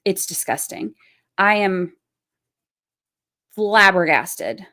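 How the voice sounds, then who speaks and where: This is a woman hosting a livestream with heated, hard-edged commentary. She speaks bluntly and swears freely. She hammers her points home by saying them twice, in a voice of ordinary middle pitch. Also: expressive, drawn-out words, bright, forceful tone. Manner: blunt, profane, repeats her points for emphasis. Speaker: channel host.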